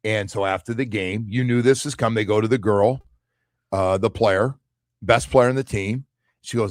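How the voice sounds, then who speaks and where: A middle-aged man hosting a sports talk radio show, chatting casually and telling animated stories with quoted asides. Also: normal speed, no room sound, clean studio sound. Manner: animated storyteller, drops into low quoted asides.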